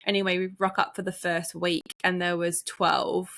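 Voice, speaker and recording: A woman co-hosting a podcast in casual chat, telling lively anecdotes and slipping into other people's voices. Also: fairly low pitch, moderate pace, vocal fry. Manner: lively storyteller, acts out others in her anecdotes. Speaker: podcast co-host.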